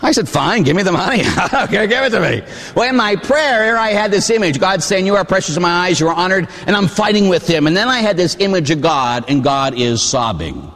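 Man, catholic priest, storytelling sermon, fairly high voice, lively, long reverb. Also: a little fast. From Pittsburgh. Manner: animated, acts out voices, shouts at peaks.

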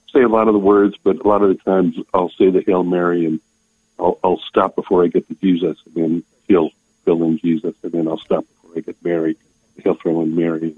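Older male caller, deep voice, tinny phone line, earnest. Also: breathy edge, no echo. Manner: earnest, halting, emotional. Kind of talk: phone-in testimony. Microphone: telephone.

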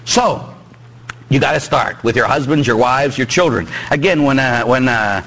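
A man's voice: moderate pace, rough recording. A man with a Pittsburgh accent, a priest preaching a joking, emphatic sermon to his congregation in a church. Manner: animated, joking with congregation, rising emphatic pitch.

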